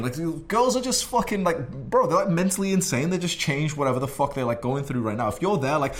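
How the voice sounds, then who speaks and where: A young man delivers a profane advice monologue in a blunt, condescending way. His pitch swings widely as he lectures, and he swears in nearly every sentence. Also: sing-song, quick pace, hardly any pauses. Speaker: dating advice host.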